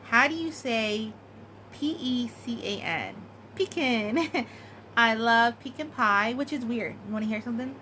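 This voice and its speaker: A woman's voice: a little high, animated, normal speed, bright, forceful tone, a little hiss or hum, rough recording. A woman chatting casually and giggling, with many fillers, as she answers a tag. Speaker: craft vlogger.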